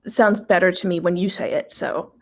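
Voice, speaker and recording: Woman consultant, gravelly fry, casual and unsure, hedges often. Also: fairly low pitch, steady tone, moderate pace, darkish tone. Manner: tentative, hedges her answers. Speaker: language consultant. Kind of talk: casual elicitation answers.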